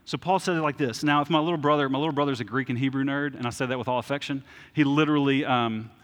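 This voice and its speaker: A man's voice: medium pitch, steady tone, fast, a bit bright. A male pastor preaching a conversational sermon in a church, informal and plain-spoken, checking in with "okay?" and joking at his own expense. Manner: informal and plain-spoken, with frequent "okay?" check-ins and self-deprecating humor. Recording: long reverb of a large hall.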